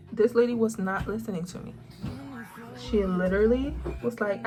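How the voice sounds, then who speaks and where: A young woman vlogs a storytime straight to camera in a mid-range voice. She stresses and stretches her words for emphasis, keeping the telling lively and personal. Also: medium pitch, over music. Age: young adult. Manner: animated, emphatic, drawn-out words. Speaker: vlogger. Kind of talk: storytime vlog.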